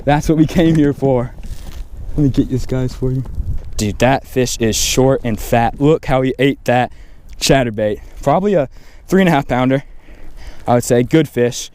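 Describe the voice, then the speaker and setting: A man, talking casually while fishing a windy pond bank, getting excited and repeating himself when a fish bites. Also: medium pitch, moderate pace. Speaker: fishing vlogger. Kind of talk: casual outdoor vlog commentary. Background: faint wind and outdoor ambience.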